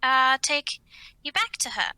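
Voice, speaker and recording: A woman voicing a kind adventurer gently coaxing a lost child, hesitant and reassuring. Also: high-pitched, sing-song, measured pace, dry recording, heavily acted, low-quality recording.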